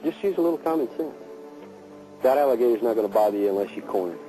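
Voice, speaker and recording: A man's voice: medium pitch, lively intonation, racing, mellow, faint music behind, poor audio. A man with a Texan accent, a game warden, giving firm advice in an interview. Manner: firm, advising. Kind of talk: documentary interview.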